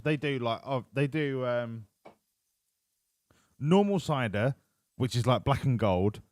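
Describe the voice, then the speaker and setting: A man's voice: mid-range voice, no room sound, clean studio sound. A man giving casual, sweary, joking commentary while live-streaming a racing management game.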